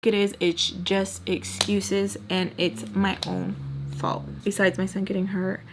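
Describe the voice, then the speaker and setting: A woman's voice: medium pitch, flat delivery, a little slow, noisy background. Rambling, emotional young woman vlogger. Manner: rambling, emotional, talks straight to viewers. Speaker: storytime vlogger. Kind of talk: casual storytime venting while doing makeup.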